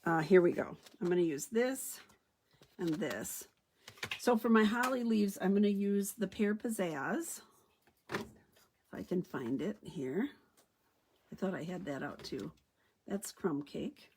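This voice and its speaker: A woman's voice: on the low side, expressive, measured pace, long pauses, darkish tone, slight background noise. A woman giving a chatty card-stamping tutorial, thinking aloud as she works. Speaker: stamping demonstrator. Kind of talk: craft tutorial demo.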